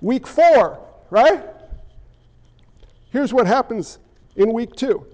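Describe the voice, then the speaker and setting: A man's voice: very high-pitched, expressive, slow pace, long pauses, a little mellow, muffled recording. A male pastor preaching a sermon with impassioned, emphatic delivery that often rises and gets worked up.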